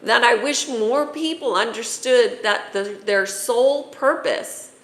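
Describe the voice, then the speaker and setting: An earnest woman coach speaks from the heart about the soul, her fairly high voice catching with emotion now and then. The sound carries a roomy echo, as if recorded in a bare room. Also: takes it slowly, a bit bright. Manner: earnest, emotional, tearful at times. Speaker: spiritual coach. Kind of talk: heartfelt spiritual talk to camera.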